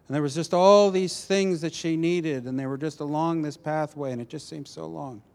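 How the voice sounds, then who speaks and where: A man preaching a personal testimony, telling the story animatedly with halting restarts. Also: fairly high pitch, gravelly, darkish tone.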